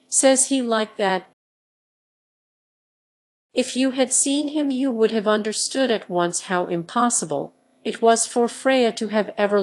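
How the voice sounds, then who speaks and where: A woman reading a classic novel aloud as an audiobook narrator, in a measured, steady manner. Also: mid-range voice. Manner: slow, measured reading with quoted voices kept close to her own. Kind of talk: scripted narration.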